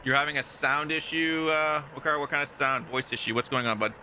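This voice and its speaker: A man's voice: fairly high pitch, a little fast, bright, forceful tone, slight background noise. A man chatting casually during a live game stream, teasing and talking to viewers and people off-mic. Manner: chatty, teasing, talks to chat and off-mic family.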